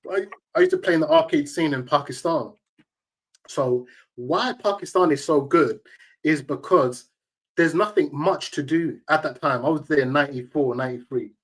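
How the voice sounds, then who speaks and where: A man's voice: on the high side, normal speed, slightly rough. A man, a tournament organizer telling emphatic, slang-heavy stories as an interview guest. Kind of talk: casual interview storytelling.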